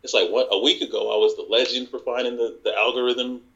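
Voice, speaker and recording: A man guest on a podcast, telling work stories in casual chat and acting out the people he quotes in higher voices. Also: steady tone, fast talker, gravelly, sharp tone, dull audio.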